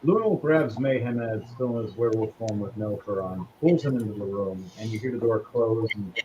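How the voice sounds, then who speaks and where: A man acting as game master, narrating a tabletop game in a playful, bawdy way with quick put-on quotes. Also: lowish voice, mellow. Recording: dull lo-fi mic with faint noise.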